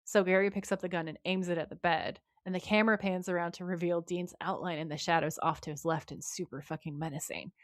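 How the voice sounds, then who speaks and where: A woman's voice: lowish voice, fast talker, hardly any pauses, no echo, studio quality. A woman co-hosting a podcast, recapping a TV episode in casual chat, telling the story with energy and swearing freely. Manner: animated storytelling, voices the characters' lines. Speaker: podcast co-host.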